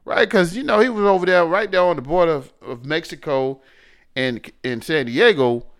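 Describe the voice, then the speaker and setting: A man in his forties chatting casually as a podcast co-host, an animated storyteller who swings between loud and quiet. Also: on the high side, normal speed. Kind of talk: casual chat.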